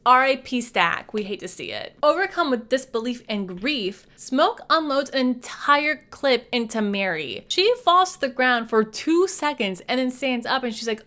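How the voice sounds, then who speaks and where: A woman's voice: on the high side, normal speed, few pauses. A young adult woman recapping a movie in a casual, playful way, using slang and shifting her voice a lot as she talks. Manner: animated, jumps between voices. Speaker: movie reviewer.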